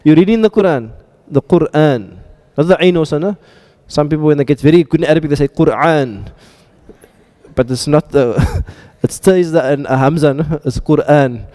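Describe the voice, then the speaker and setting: A man's voice: a little high, fast, few pauses, mellow, in a large hall. Joking, quizzing male Arabic teacher. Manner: quizzing students, joking asides. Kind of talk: classroom lecture with drills. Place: classroom.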